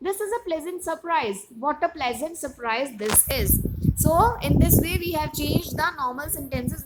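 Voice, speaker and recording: A woman with an Indian English accent teaches grammar to young children, reading out example sentences and explaining each one slowly. Her voice sits high. A steady hiss of noise runs under the recording. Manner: slow explaining, reads examples aloud.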